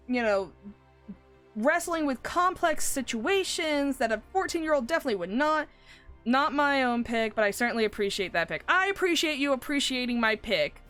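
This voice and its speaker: A woman's voice: high-pitched, fairly bright tone. A woman streamer chatting casually and animatedly about a game, swearing and laughing a lot. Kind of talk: casual live-stream chat. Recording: faint game music behind.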